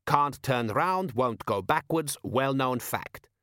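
Мужчина изображает местного всезнайку. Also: male voice, medium pitch, animated, takes it slowly, fairly bright tone, dry recording, studio quality, pitched above the performer's own voice. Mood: insistent. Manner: insistent, know-it-all. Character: know-it-all local man, male, middle-aged.

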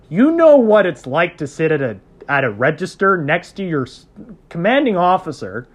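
A man's voice: a little high, a bit bright. A man telling a story as a podcast guest, casual and heavy on swearing, laughing often.

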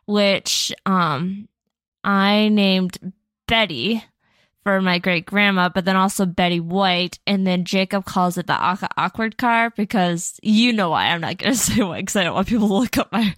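Gravelly young woman chatting. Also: mid-range voice, fairly bright tone, no room sound. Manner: chatty, rambling, laughs often. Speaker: podcast co-host. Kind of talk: casual chat.

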